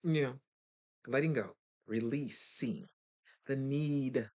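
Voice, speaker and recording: Self-help host, casual motivational talk, middling pitch, chatty, direct, animated. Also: takes it slowly. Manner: animated, acts out other people in quotes; chatty and direct, addresses listeners.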